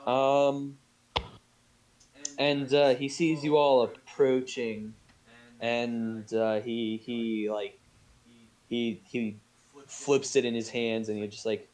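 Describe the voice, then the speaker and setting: A man's voice: mid-range voice, level tone, slow pace, pauses often, a little mellow, poor audio. A man narrating a tabletop game as game master, rambling with many fillers. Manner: rambling, full of fillers and restarts.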